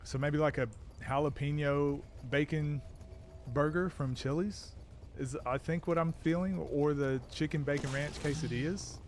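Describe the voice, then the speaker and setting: A man's voice: fairly high pitch, fairly even intonation, moderate pace, a little hiss or hum. A man chatting casually while streaming a video game, rambling and self-deprecating. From Australia. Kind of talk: casual gaming stream chat.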